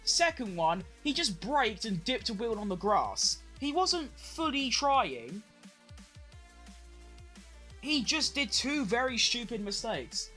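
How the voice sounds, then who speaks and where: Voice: medium pitch, very animated, slow pace, bright, forceful tone, soft background music. Rambling streamer reacting live. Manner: rambling, chatty, swears casually. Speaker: streamer hosting a race watchalong. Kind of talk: casual live watch-along commentary.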